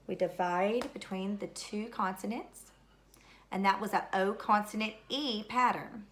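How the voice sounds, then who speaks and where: Slow, bright-voiced woman teacher. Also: medium pitch, fairly even intonation, a little hiss or hum. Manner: slow, patient, deliberate, repeats words for spelling. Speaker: third grade teacher. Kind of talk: recorded classroom lesson.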